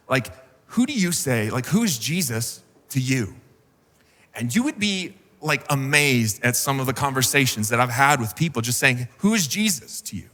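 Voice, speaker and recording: A man's voice: mid-range voice, sharp tone, long reverb tail. A man preaching a sermon as a pastor, in a casual, joking, conversational way. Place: church sanctuary.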